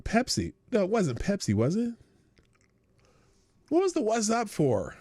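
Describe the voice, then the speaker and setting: A middle-aged man from Nebraska hosting a live morning stream, rambling casually and breaking into loud excited outbursts. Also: high-pitched, measured pace, no room sound.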